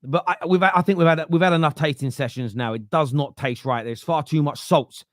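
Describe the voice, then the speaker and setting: A man's voice: a little high, brisk, no echo, studio quality. A man hosting a fan football podcast, talking bluntly and with opinion in a casual live-stream style, often starting with "uh" and restarting his sentences. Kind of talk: casual live-stream commentary reading viewer comments.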